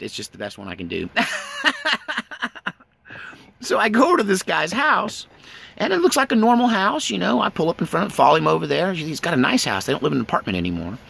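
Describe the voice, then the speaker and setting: A man's voice: fairly high pitch, gravelly, fairly bright tone, husky. A man from East Texas telling a rambling story in a casual way, chuckling between lines.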